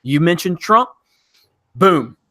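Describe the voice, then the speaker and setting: A man's voice: on the high side, expressive, takes it slowly, sharp tone, no room sound, clean studio sound. A man hosting a casual livestream chat, reading viewer comments in a rambling way with frequent restarts. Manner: rambling, restarts often, laughs now and then. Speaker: livestream host.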